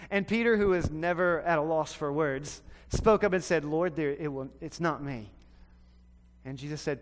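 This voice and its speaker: A man from the American South preaching a sermon, telling a story with animated swings between loud and hushed delivery. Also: fairly high pitch, normal speed. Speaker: pastor. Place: church sanctuary. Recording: long hall reverb.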